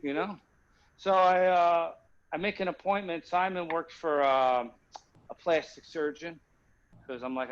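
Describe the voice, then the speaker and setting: Heard through lo-fi sound, this fairly high-pitched male voice belongs to a guest comedian. He rambles through a comic story on a video call and keeps asking whether the listener gets him: "you know what I mean?"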